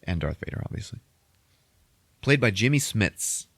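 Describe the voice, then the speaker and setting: A man casually recapping a movie on a podcast, swearing constantly and acting out the characters in quick voices. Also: lowish voice, sing-song, vocal fry, fairly bright tone, no room sound.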